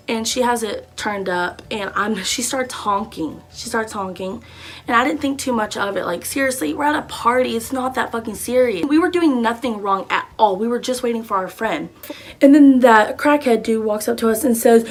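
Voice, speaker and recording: Young woman vlogger, casual storyteller, animated and heavily profane. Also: mid-range voice, normal speed. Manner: animated, profane, lots of fillers and repeats. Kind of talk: storytime vlog.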